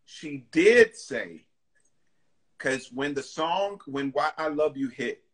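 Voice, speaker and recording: A man, a singer being interviewed, chatting casually and telling lively stories. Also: on the high side, slow. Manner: lively storytelling, acting out other people's lines. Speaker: singer guest.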